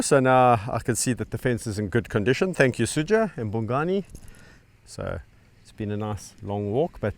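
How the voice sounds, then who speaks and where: A middle-aged man who hosts a wildlife channel, giving casual on-the-spot commentary outdoors at a sanctuary. He is chatty and relaxed, talks to the animals and chuckles often. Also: mid-range voice, dry recording.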